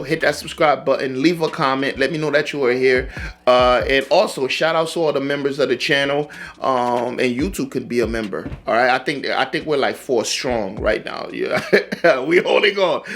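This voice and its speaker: A man's voice: fairly high pitch, fairly bright tone. A man hosting a reaction channel, chatting casually to viewers with lots of fillers. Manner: laid-back, filler-heavy outro talk. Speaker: YouTube reaction host. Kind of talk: casual chat.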